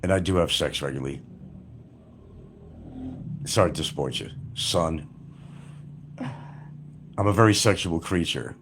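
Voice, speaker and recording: A man's voice: sits low, animated, a little slow, long pauses, noisy background. A middle-aged man livestreaming, telling rambling, crude and profane stories about his past.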